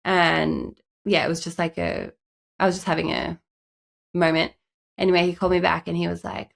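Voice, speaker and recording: Gravelly-voiced woman with a stuffy nose. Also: fairly low pitch, flat delivery, moderate pace. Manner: chatty, frequent "like" fillers. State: stuffy, congested from a cold. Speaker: podcast co-host. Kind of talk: casual podcast chat.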